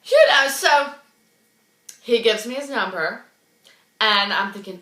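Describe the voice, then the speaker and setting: A young woman in her twenties tells a story in a chatty, dramatic way, her voice bright and lively with big swings in pitch. She sits in a roomy, echoey space. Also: measured pace, long pauses. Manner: chatty and dramatic, full of "like" and "oh my God". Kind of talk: casual storytelling. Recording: roomy echo.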